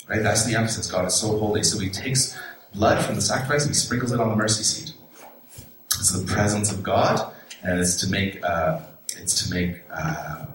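Conversational pastor in a very echoey church. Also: male voice, lowish voice, distant mic, noisy background. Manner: conversational, emphatic, addresses listeners as folks. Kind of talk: sermon. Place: church sanctuary. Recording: very echoey church room, recorded from afar.

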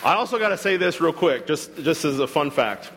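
A man preaching a sermon to his congregation, animated and joking, acting out quoted voices as he goes. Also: a little high, a little fast, long reverb tail. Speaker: pastor. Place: church hall.

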